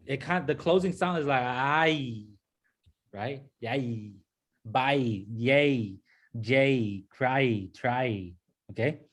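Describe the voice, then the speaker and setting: A man's voice: mid-range voice, extremely slow. A man teaching a pronunciation lesson to a class. He patiently repeats sounds and keeps checking in with "okay?" and "right?". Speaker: language teacher.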